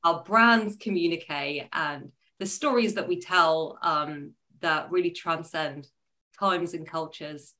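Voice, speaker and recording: A woman's voice: low voice, slow pace. A woman from Israel, a chatty, laughing interview guest talking about her work in brand strategy. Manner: lively, laughing, chatty with fillers. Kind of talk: casual interview chat.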